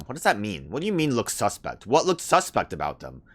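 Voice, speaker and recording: A man's voice: fairly low pitch, huge pitch swings, fairly quick, hardly any pauses. A man hosting a let's play, chatting casually and thinking aloud with lots of "like" fillers as he reads the game's lines. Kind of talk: casual gameplay commentary, reading dialogue aloud.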